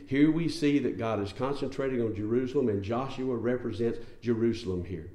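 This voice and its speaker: A man's voice: medium pitch, brisk, few pauses, dark tone, roomy sound. A man preaching a sermon in an emphatic, conversational way, often asking his listeners rhetorical questions.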